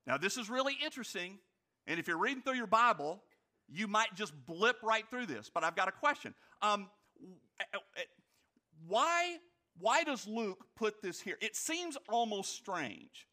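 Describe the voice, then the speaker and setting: A male pastor delivering a sermon with a bright, forward tone and a voice pitched a little high for a man. He leans on rhetorical questions, slows right down on key phrases and slips in light humorous asides. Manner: animated, rhetorical questions, emphatic slowed phrases.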